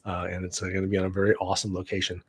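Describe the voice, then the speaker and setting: A man's voice: sits low, completely flat delivery, rapid-fire, breathy edge. A middle-aged man chatting casually on a home live stream, rambling with many fillers and restarts. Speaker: vlogger and actor. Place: home room.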